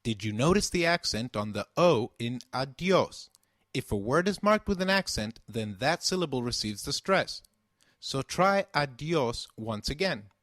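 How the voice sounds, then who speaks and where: Male tutor, unhurried and clear, animated pitch, dead-dry studio sound. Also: no echo. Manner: slow, patient, enunciates each word. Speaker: language teacher. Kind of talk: scripted language lesson.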